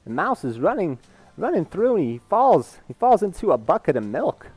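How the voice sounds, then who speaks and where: A man doing an impression of a famous actor, speaking in a halting, emphatic way, higher than his usual voice. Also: big pitch swings, a little mellow, breathy edge, no echo, heavily acted. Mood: earnest.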